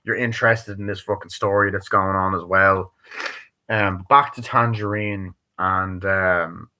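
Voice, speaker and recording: A man rambling through a casual live-stream movie review, swearing constantly and breaking into quick bits of acted-out dialogue. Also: deep voice, fairly even intonation, sharp tone. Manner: acts out dialogue in quick bursts.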